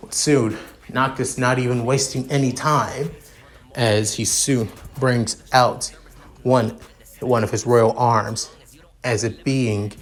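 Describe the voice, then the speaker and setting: A man reading his fan fiction aloud in a halting, repetitive way with many restarts. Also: medium pitch.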